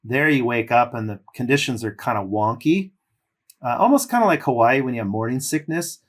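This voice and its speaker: A brisk, mid-range voice belongs to a middle-aged former pro surfer from California telling long, casual stories on a podcast. His manner is relaxed and rambling, with loose fillers.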